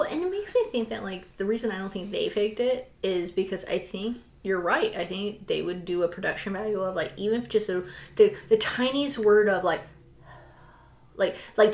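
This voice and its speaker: A chatty woman co-hosting a podcast, her talk loose and full of filler words. She sounds like she's in an echoey room. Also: mid-range voice. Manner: chatty, lots of "like" fillers, animated retelling. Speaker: podcast co-host. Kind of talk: casual chat.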